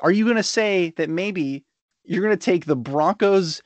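A man's voice: sits high, normal speed, no room sound, highs cut off. A man in casual sports chat, teasing and arguing with his co-host and swearing freely. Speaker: podcast co-host.

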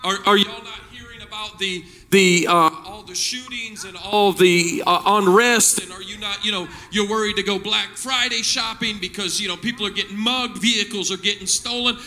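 A male pastor preaching a sermon in church, using call-and-response and rising to shouts. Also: sits high, moderate pace, hardly any pauses, faint music behind.

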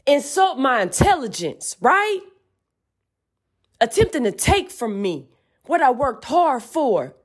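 Woman host, high voice, fiery preachy rant full of swearing. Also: very animated, slow, long pauses, slightly rough. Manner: profane, fiery, preachy and emphatic. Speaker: podcast host. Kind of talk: emphatic spiritual rant.

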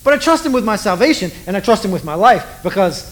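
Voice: medium pitch, big pitch swings, fast, poor audio. A preacher giving a conversational sermon, retelling a scripture story with humor and poking fun at their own faith. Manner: conversational, self-deprecating, storytelling.

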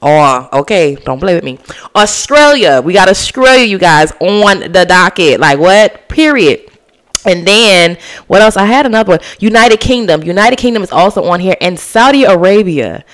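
Chatty, animated podcast host from the Bahamas. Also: medium pitch, moderate pace. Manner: chatty, animated, slangy, talks straight to listeners. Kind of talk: casual solo podcast chat.

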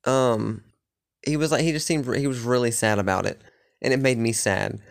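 A man's voice: medium pitch, moderate pace, vocal fry. A man casually recapping his playthrough of a fantasy game, rambling and swearing with lots of filler words. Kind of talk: casual chat.

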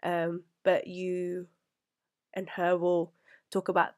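A woman's voice: on the low side, monotone, slow pace, clear, resonant tone. A young woman, talking in an earnest, rambling way to her past self, close to tears. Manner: earnest, rambling, fillers and restarts. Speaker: vlogger.

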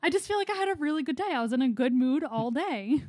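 A woman's voice: high-pitched, expressive, quick pace, darkish tone, no room sound, clean studio sound. A young woman co-hosting a casual podcast, chatting in a rambling, giggly way. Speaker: podcast co-host.

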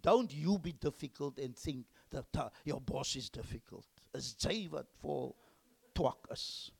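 A male pastor, preaching a sermon emphatically and swinging between loud exclamations and hushed whispers. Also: mid-range voice, animated, a little slow, gravelly, slightly rough.

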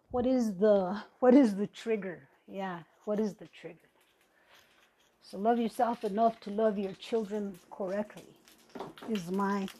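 A woman's voice: a little high, dark tone, a little hiss or hum. A woman hosting a podcast, ranting angrily and profanely in a confrontational personal monologue. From Native American. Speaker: podcast host.

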